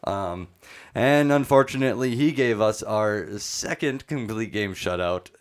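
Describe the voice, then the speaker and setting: Low-voiced man chatting about sports. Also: measured pace. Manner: chatty, recaps game details with fillers. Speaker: sports podcast co-host. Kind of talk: casual sports chat.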